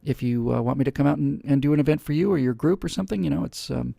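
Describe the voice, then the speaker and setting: A man's voice: medium pitch, very fast, vocal fry, warm tone, dry recording, clean studio sound. A man hosting a live webcast, talking casually and rambling with many fillers and restarts. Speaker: host.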